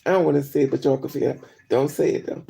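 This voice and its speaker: A woman vlogger casually telling a story to her viewers, blunt and profane, with animated delivery. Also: rumbling low, rapid-fire, vocal fry.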